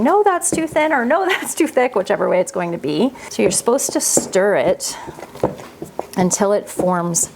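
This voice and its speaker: A woman's voice: fairly low pitch, gravelly, noisy background. Chatty Canadian woman cooking at home. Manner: chatty, laughs easily, thinks aloud while cooking. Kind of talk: casual cooking chat. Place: home kitchen.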